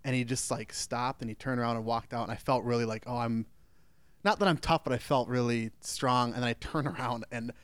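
A man's voice: mid-range voice, quick pace, hardly any pauses, clear, resonant tone, no room sound. A man co-hosting a podcast in casual chat, telling stories with self-mocking humour. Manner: relaxed, self-mocking, laughs along. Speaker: podcast co-host.

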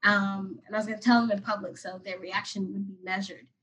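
A 21-year-old woman from Atlanta, USA, speaks in a mid-range, level, fairly bright voice with a breathy edge and a slightly quick pace. As a podcast guest she tells a personal story casually and emotionally, rambling and saying "like" a lot, on dull audio.

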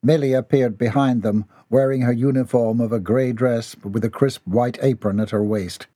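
A man narrating a comic novel for an audiobook in an expressive, playful way. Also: medium pitch, normal speed, hardly any pauses, breathy edge, no echo, studio quality.

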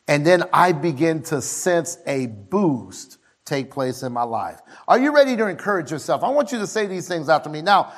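A male pastor preaching a sermon in a church, energetically leading his congregation through call-and-response declarations and often shouting. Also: on the high side, sing-song, moderate pace, hardly any pauses. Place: church sanctuary with a live congregation.

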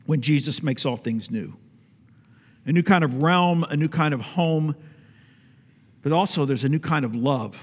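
A man's voice: on the high side, big-room sound. A man preaching a sermon as pastor, emphatic, repeating phrases for stress and putting questions to his congregation.

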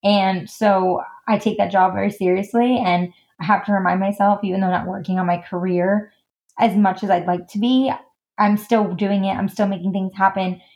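A woman's voice: mid-range voice, steady tone, normal speed, a little mellow. A woman guest in a casual podcast interview, chatty and full of "like" and "um" fillers. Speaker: guest, stylist and designer.

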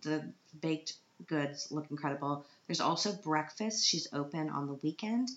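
Chatty low-voiced woman from Canada. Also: moderate pace, reverberant, highs cut off. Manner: chatty, self-mocking, laughs often. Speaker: vlogger, autism group organiser. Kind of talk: casual storytelling vlog.

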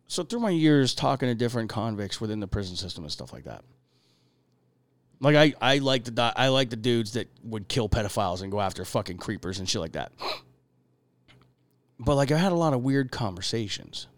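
Guy hosting a podcast, swears a lot, animated, dry close sound. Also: mid-range voice, brisk, no echo. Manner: profane, animated storyteller. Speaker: podcast host. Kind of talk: casual podcast conversation.

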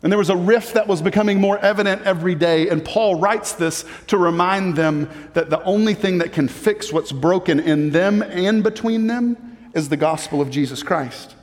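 A man's voice: high-pitched, moderate pace, in a large hall. A man preaching a sermon as a pastor, building to emphatic peaks and often repeating words as he goes.

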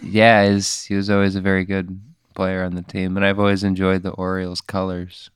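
A man's voice: deep voice, monotone, fairly quick, smooth, no echo, studio quality. A man as a comedy podcast guest, answering an improvised scene in a hesitant, stammering way. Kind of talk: improvised role-play answers.

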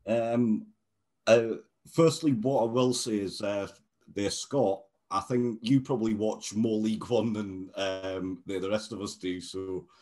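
Male panelist, low pitch, very slow, halting delivery. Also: steady tone, a little mellow. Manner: slow, halting, many pauses. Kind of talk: casual chat.

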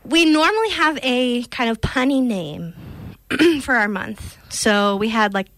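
A young adult woman hosting a film podcast in casual chat, playful and quick to laugh at puns. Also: on the high side, lively intonation, a bit bright, no echo. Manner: playful, laughs often, pun-loving. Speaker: podcast host.

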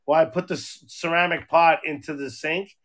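A man's voice: fairly high pitch, steady tone, moderate pace, fairly bright tone. A man co-hosting a podcast in casual chat, a rambling, profane storyteller. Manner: profane, rambling storyteller, acts out quoted voices. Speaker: podcast co-host.

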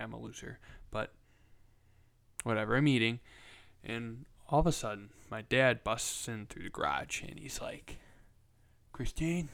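A man's voice: lowish voice, gravelly, fairly bright tone, clear, resonant tone. A young man hosting his own podcast, rambling casually with profanity and self-mocking asides. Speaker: podcast host. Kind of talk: casual solo podcast chat.

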